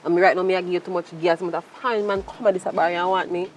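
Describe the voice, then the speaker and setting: An actress with a Jamaican accent playing a brash, flirtatious bartender who taunts and scolds in heavy patois. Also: female voice, fairly low pitch, steady tone, fast, highs cut off, a little hiss or hum, lightly acted. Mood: scolding. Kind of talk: web series acting.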